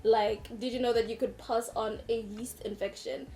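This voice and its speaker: A young woman with a fairly high voice explains things in a casual co-host chat. She slips in playful, dry jokes as she goes, and faint music plays behind her. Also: fairly even intonation, normal speed, gravelly, warm tone. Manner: playful, dry asides, coins jokey terms.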